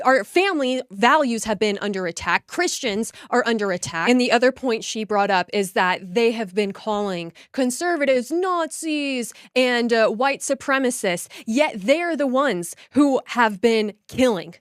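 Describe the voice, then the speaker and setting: A woman's voice: fairly high pitch, animated, unhurried, hardly any pauses, no room sound, clean studio sound. A woman giving indignant, emphatic political reaction commentary.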